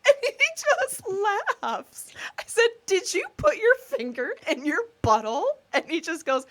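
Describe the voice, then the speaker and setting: A woman's voice: sits high, normal speed. A woman co-hosting a podcast, telling stories in casual chat and laughing often as she talks. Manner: laughing storyteller, animated and expressive. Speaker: podcast co-host.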